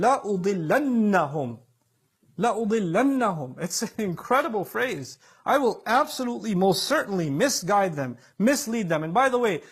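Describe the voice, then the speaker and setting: A man's voice: high-pitched, slightly rough. A man preaching a sermon with emphatic delivery, acting out the voices he quotes.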